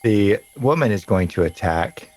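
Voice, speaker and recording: A man narrating a tabletop game as game master, describing scenes in an unhurried, drawn-out way. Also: lowish voice, lively intonation, darkish tone, low-quality recording.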